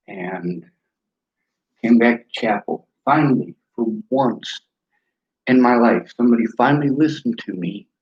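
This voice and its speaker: A man giving an angry, profane monologue while touring his cluttered small apartment, filming on a handheld phone. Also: medium pitch. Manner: blunt, profane, aggrieved. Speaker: vlogger. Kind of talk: angry monologue and home tour. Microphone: handheld phone camera. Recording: dull lo-fi phone recording.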